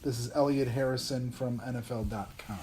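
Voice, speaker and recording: Relaxed man in his thirties hosting. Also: mid-range voice, brisk. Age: 30s. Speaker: podcast host. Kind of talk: casual chat.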